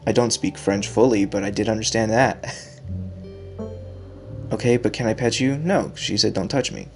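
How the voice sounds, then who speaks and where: A man's voice: fairly low pitch, normal speed, soft background music. A man playing a story game, joking and laughing as he reads the narration and comments. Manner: jokey, laughing, chatty. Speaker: game streamer. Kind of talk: let's-play commentary and narration.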